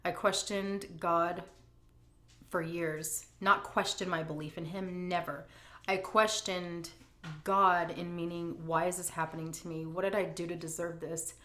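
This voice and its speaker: A woman's voice: on the low side, level tone, a bit bright. A middle-aged grandmother vlogger chatting candidly and emotionally as she answers viewer questions. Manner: candid, emotional, drawn-out emphasis. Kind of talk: casual Q&A chat. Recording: echoey room.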